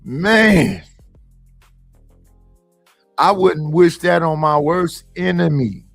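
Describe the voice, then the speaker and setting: Blunt, profane male panelist; raised pitch, rough fry, dry close sound. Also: steady tone, unhurried, no echo, soft background music. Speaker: podcast panelist. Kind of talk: casual chat.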